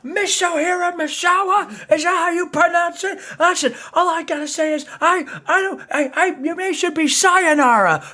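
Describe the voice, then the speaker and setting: A man's voice: very high-pitched, pushed and bright, pitched above the performer's own voice, full character voice. A man putting on a boastful male pro wrestler, hurling rambling taunts and insults at a rival.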